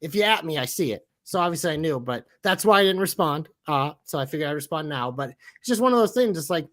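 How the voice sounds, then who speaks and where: A man's voice: fairly high pitch, lively intonation, quick pace, fairly bright tone. A man co-hosting a casual wrestling podcast, ranting heatedly with lots of swearing. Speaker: podcast co-host.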